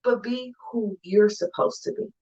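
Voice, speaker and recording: A woman's voice: mid-range voice, mellow, highs cut off. A woman speaker giving a conversational, emphatic motivational talk to an online audience. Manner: conversational and emphatic, acting out friends in quick asides. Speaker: conference speaker.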